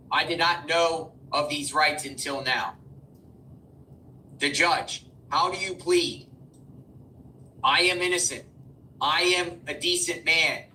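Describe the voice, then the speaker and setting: A man on a live news stream, reading courtroom updates aloud with a very bright, tense tone that sits a bit high. He halts and stumbles over words, breaking in with excited asides. The mic sits well away from him, and a faint hiss runs under it. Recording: distant mic with faint background noise.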